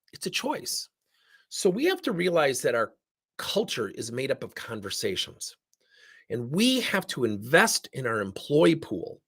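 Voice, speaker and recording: Emphatic, animated male keynote speaker. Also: medium pitch, vocal fry, slightly rough. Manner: animated, emphatic, acts out dialogue. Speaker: leadership speaker. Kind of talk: keynote talk.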